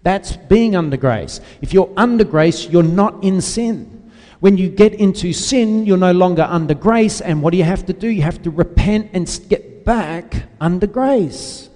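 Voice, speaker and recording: A man's voice: high-pitched, unhurried, warm tone, long reverb tail. A man preaching a sermon with emphatic, repetitive phrasing, calling out to the congregation for an amen. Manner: emphatic preaching, repeats key words, asks the congregation "Amen?".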